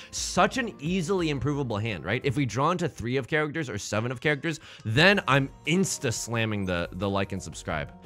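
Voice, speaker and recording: A man casually commentates his own gameplay and jokes as he reasons through each move. His voice is bright and very lively, with wide pitch swings. Faint music plays underneath. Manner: excitable, jokey, thinking aloud. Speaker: let's play host.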